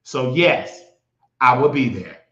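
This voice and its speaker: With a mid-range, slightly bright voice, a livestream host speaks slowly but animatedly. He tells stories and mocks his viewers in a casual, blunt way, and the sound is echoey and a bit dull.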